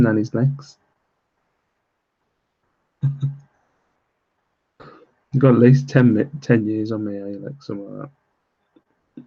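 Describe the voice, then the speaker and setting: A British man hosting a late-night live stream from home, talking quietly so he won't wake his kids, rambling casually with fillers and little laughs. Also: lowish voice, fairly even intonation, slow, creaky, long pauses, highs cut off. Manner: rambling, with many fillers and self-deprecating laughs. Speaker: live stream host reselling items online. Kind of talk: casual live-stream chat while reading viewer comments.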